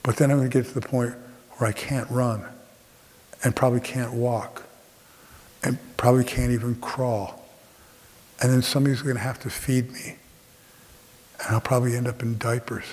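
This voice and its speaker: A man's voice: medium pitch, level tone, normal speed, long pauses, a little mellow. A middle-aged man performing a reflective storytelling monologue on a theater stage, with dramatic shifts of tempo. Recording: theater with long reverb.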